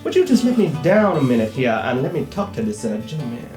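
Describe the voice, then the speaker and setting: A game master voicing a laid-back male mechanic with a low, murmured, sultry voice. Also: very animated, fast talker, a little mellow, far from the mic, natural voice. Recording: echoey room with music behind.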